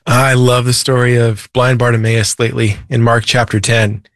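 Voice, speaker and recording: A man's voice: medium pitch, monotone, normal speed, a bit bright, no room sound, studio quality. A man, a Christian author and preacher, earnestly retelling a Bible story as a guest in a faith interview. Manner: earnest, retells scripture with feeling.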